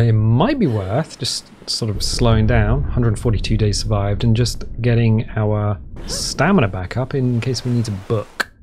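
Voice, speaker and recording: A man's voice: medium pitch, darkish tone, slight background noise. A man giving casual let's-play commentary as a gaming channel host, chatty and walking through the game steps as he plays. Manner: chatty, explains game steps while playing.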